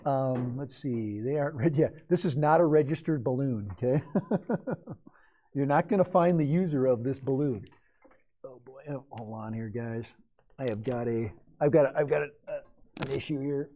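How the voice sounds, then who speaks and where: Man, fifties, mellow dark voice, rambling joking live-stream host, chats with viewers. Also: mid-range voice, normal speed. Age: 50s. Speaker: livestream host and hobby drone pilot. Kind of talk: casual live-stream chat.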